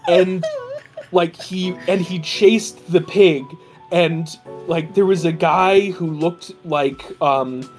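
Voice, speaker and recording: Slow, laughing storyteller on a group call. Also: medium pitch, over music. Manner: excited storytelling, laughs often, quick impressions. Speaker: game creator. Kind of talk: casual chat on a group call.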